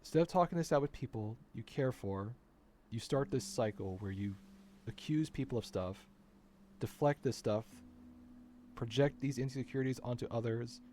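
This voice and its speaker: A man's voice: medium pitch, normal speed, warm tone, slight background noise. Frustrated man ranting, swearing. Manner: frustrated, swearing, repeats himself. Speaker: vlogger. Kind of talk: unscripted personal rant.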